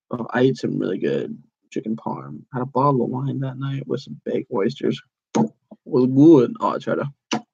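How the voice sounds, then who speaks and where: A man's voice: mid-range voice, vocal fry, mellow, dull audio. A young man in his twenties hosting a casual solo podcast, rambling through stories with lots of "like"s and self-corrections. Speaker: podcast host.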